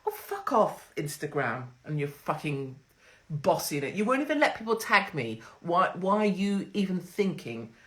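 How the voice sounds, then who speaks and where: Middle-aged woman going live on her phone at home, deep voice, crude and sarcastic, swears constantly. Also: very animated, moderate pace. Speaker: livestream host. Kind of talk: casual livestream monologue. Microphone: phone livestream.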